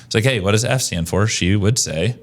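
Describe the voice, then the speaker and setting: Low-voiced energetic podcast host, man. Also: fairly quick. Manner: energetic, conversational, rambling with restarts. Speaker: podcast host, agency owner. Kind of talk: casual podcast chat.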